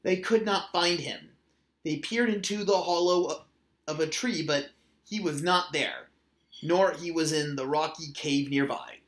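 A man reading a children's picture book aloud in a gentle, measured way. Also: on the high side. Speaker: storyteller. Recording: roomy echo.

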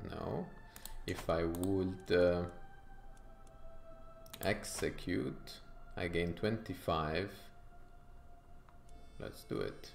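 Low, gravelly Italian man. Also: reverberant, soft background music. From Italy. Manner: thinking aloud, halting, with frequent fillers. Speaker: gaming YouTuber. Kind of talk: strategy game commentary.

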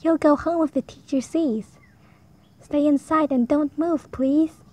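An earnest little otter boy from a picture book, as a woman reads him aloud. He pleads in a high, childlike voice, slow and careful. Every word sounds eager to please. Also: steady tone, darkish tone. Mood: hushed. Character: young male otter schoolboy, earnest and pleading.

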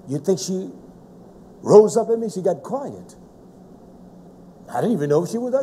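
A man preaching a fiery sermon, forceful and scolding, with heavy emphasis. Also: sits high, very animated, normal speed, long pauses, slight background noise.

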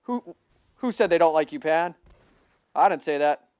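A man giving excitable live gameplay commentary, boasting, repeating himself and bursting into loud yelling. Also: on the high side, moderate pace, clear, resonant tone, dry recording, clean studio sound. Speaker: gaming livestreamer.

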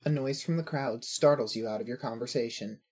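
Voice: mid-range voice, brisk, darkish tone, breathy edge. A narrator reading second-person fanfiction in a wry, observant way.

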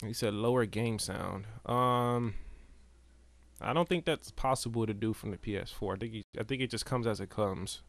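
A man's voice: fairly low pitch, moderate pace, no echo. A man giving casual, chatty commentary while streaming a video game, talking to his chat and to the characters on screen. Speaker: gameplay streamer. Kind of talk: casual live gameplay commentary.

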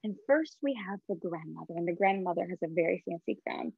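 A woman teaching artist leading a guided movement warm-up for children, upbeat and sing-song as she calls out each step. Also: lowish voice, lively intonation, fairly quick, vocal fry, husky, dry recording, narrow, tinny audio. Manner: upbeat, sing-song, leads call-and-response with voices.

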